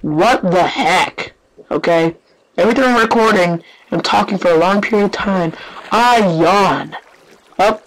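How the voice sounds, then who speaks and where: Rambling, jumpy gameplay host, mid-pitched, chatty, prone to yelps and whispers. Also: measured pace, poor audio. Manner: rambling, excitable, swings between yelps and hushed whispers; yawning, offhand chatter with many fillers. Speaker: gaming channel host. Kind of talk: live gameplay commentary.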